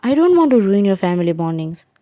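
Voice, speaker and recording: A woman's voice: mid-range voice, very animated, fast, warm tone, natural voice. A woman voicing a nervous but sincere young woman, speaking earnestly.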